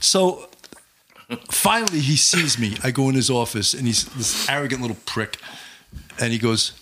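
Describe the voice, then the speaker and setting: A man's voice: medium pitch, normal speed, slight background noise. A middle-aged man, a former police sergeant telling profane stories in a casual chat. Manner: profane, animated, laughs through stories.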